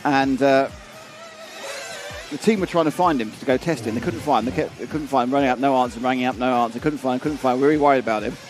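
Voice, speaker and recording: A man's voice: mid-range voice, fast talker, faint music behind. A man commentating a live race and telling long rambling stories with many restarts.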